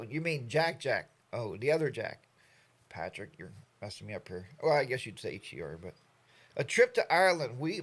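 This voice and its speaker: Older male stream host, casual chatty delivery, lively up-and-down voice, middle pitch. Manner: rambling, jokey, animated storytelling. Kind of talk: casual chat greeting viewers.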